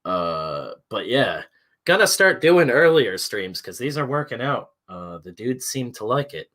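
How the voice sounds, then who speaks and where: During a casual morning stream, a man hosts a loose, meandering chat full of "uh" with a curse word here and there. He has a mid-range, slightly bright voice with a sing-song lilt, speaking a little slowly.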